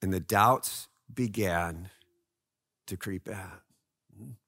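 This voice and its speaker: Male pastor, sermon, dramatic storytelling, loud to hushed, bright tone, dry close sound. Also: mid-range voice, animated, slow pace, pauses often, no echo.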